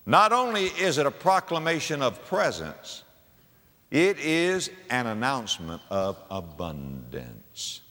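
A man's voice: medium pitch, sing-song, takes it slowly. Dramatic male preacher in a reverberant hall. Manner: dramatic swings from hushed to shouting, repeats phrases. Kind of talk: sermon.

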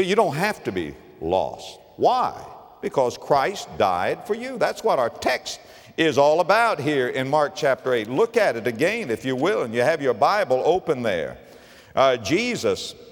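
A man preaching a sermon in church, swinging from loud, high emphasis down to low, quiet asides. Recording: long reverb of a church hall.

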